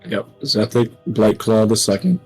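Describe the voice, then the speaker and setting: A boastful young noble heir , as a man puts him on in a tabletop game. The voice is very low, and the delivery is formal and proud. Faint music plays behind. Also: expressive, measured pace, a little mellow, husky, heavily acted.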